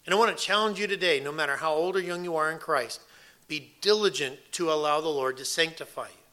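A man's voice: fairly high pitch, fast talker, sharp tone. A man preaching an earnest sermon, emphatic and repeating phrases for weight. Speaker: pastor.

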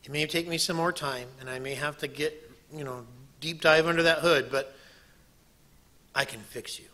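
God as a tender male father figure, hushed, bright-toned, played by a man. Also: on the high side, steady tone, moderate pace.

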